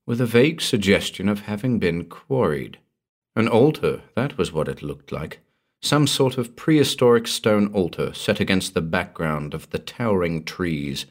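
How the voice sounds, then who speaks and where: Very deep-voiced man narrating horror. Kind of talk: scripted narration of a horror story.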